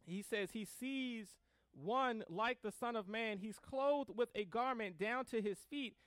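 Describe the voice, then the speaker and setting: A man preaching a sermon. He reads scripture slowly, then preaches with rising emphasis and relaxed asides. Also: high-pitched, clean tone, no echo. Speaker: pastor.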